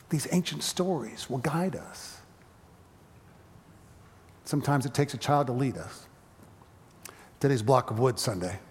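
A man's voice: mid-range voice, sing-song, a little slow, long pauses, a little hiss or hum. Middle-aged male preacher, dynamic sermon delivery, long church-hall reverb. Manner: dynamic preaching, swelling loud then dropping quiet. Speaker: pastor. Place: church sanctuary.

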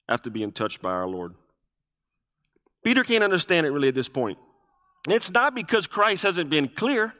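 Pastor, male, sermon delivery, lively intonation, repeats key lines, reverberant sanctuary. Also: on the high side. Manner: preaching with rhetorical questions, repeating key phrases. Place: church sanctuary. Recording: long reverb of a church hall.

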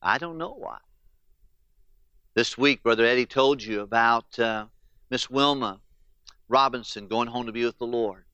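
A man preaching a sermon with a bright, smooth, resonant voice, telling stories earnestly and speaking the questions of grieving people in their own words. The sound is dry, with a slightly dull, muffled tone. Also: mid-range voice, fairly even intonation, moderate pace, no echo. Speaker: pastor.

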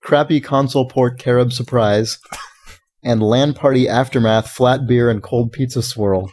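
A man's voice: medium pitch, steady tone, moderate pace, a little mellow. A man hosting a casual podcast, reading listener submissions aloud with frequent laughter. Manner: amused, reads names aloud, laughs often.

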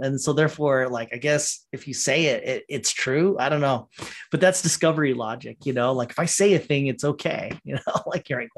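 A man's voice: on the high side, lively intonation, moderate pace, creaky. A man ranting casually on a solo podcast, rambling and profane, laughing often and mocking characters in quoted voices.

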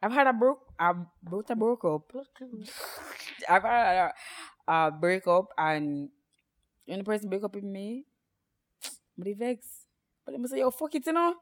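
A woman's voice: medium pitch, expressive. Teasing woman podcast co-host. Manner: quick teasing interjections. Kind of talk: casual chat.

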